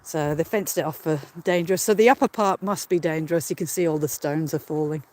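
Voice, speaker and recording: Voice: mid-range voice, brisk, darkish tone. A host chatting casually and rambling while walking outdoors on a hill, out of breath, laughing often, talking into a handheld phone. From Australia. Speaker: host of a live stream. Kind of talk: casual live-stream chat while walking. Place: outdoors on a hill by a ruined castle.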